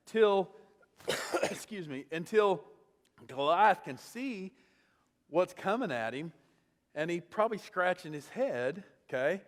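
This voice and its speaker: A man preaching a sermon as a pastor, retelling a story with lively storytelling and acting out the characters. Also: a little high, measured pace, long reverb tail. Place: church sanctuary.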